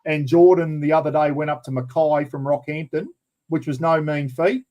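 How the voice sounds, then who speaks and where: A man's voice: fairly high pitch, moderate pace, darkish tone, poor audio. An Australian man hosting a casual live chat, rambling and chatty, calling everyone mate. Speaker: livestream host.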